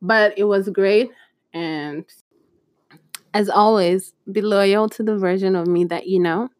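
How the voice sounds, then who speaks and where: A woman's voice: mid-range voice, slow pace, dry recording. Young podcast host from Nigeria, a woman, chatty storyteller who acts out voices, recorded dry and close. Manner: animated, acts out quoted voices. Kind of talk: casual storytelling.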